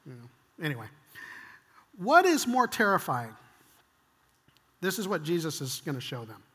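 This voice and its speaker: An older man preaching a sermon, conversational and animated, acting out quoted lines and dropping to hushed whispers. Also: a little high, unhurried, slightly rough, in a large hall. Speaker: pastor.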